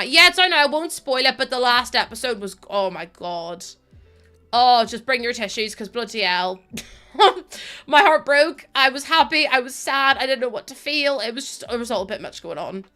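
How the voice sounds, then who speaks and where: A woman's voice: on the high side, bright, forceful tone. A young woman streaming a building game, chatting casually with her viewers, laughing and swearing as she goes. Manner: chatty, swears, laughs a lot, talks to chat. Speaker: Twitch streamer. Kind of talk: casual chat while gaming.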